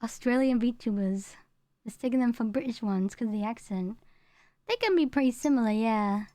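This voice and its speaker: A high-voiced woman streamer from the UK talks casually with her live chat. She rambles and repeats lines, with her home accent toned down. The close mic sounds dry, with no room echo. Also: normal speed, mellow. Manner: chatty, rambling, repeats herself. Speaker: VTuber streamer.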